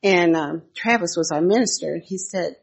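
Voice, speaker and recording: An older woman giving a conversational devotional talk, telling personal church stories and reading Bible verses in a husky voice. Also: lowish voice, normal speed. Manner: homely storytelling with Bible readings.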